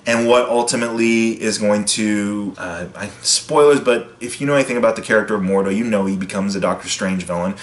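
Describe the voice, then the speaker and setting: A man giving a casual film review, chatty and loose, full of fillers and self-corrections. His voice sits on the low side. The room around him adds a noticeable echo. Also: a little fast, few pauses. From United States. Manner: chatty, loose, frequent fillers and restarts, brief impressions of lines.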